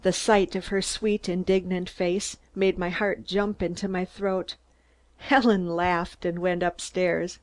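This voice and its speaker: Calm woman audiobook narrator from Minnesota. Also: lowish voice, slow. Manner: calm, even reading. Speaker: audiobook reader.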